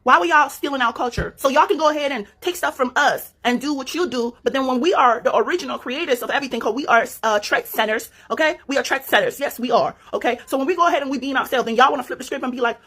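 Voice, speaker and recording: Scolding American-accented woman, husky. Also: sits high, quick pace, hardly any pauses, a bit bright. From Africa. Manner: confrontational, scolding, repeats rhetorical questions. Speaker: commentator. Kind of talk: angry ranting monologue.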